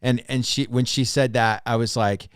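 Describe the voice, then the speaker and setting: A man co-hosting a podcast as a pastor, telling a long story in casual chat with many restarts and animated retellings. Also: mid-range voice, moderate pace, smooth, no room sound, studio quality. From Oregon, United States.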